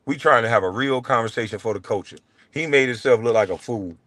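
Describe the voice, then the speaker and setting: A man hosting his own show, delivering a heated, profane solo rant, taunting and swinging between loud jabs and low mutters. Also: quick pace, no echo. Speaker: show host.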